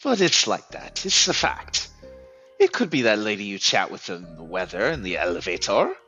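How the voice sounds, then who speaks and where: A man's voice: lowish voice, sing-song, moderate pace, pushed and bright, husky, faint music behind, exaggerated voice. A man voicing a harsh, bossy male office manager with a put-on French accent, barking insults and drill chants at his staff. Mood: lecturing.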